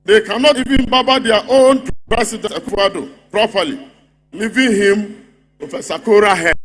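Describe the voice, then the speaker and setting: A man's voice: high-pitched, normal speed, a bit bright. A man with a Ghanaian English accent giving a political speech at a party congress, mocking opponents and repeating a refrain. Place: large congress hall. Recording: long reverb of a big hall.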